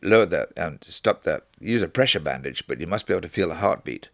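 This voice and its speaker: A man's voice: low voice, fast talker, creaky, no room sound, clean studio sound. A man, a snake wrangler, talking bluntly in casual chat and acting out little scenes. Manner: blunt, animated storyteller, acts out voices.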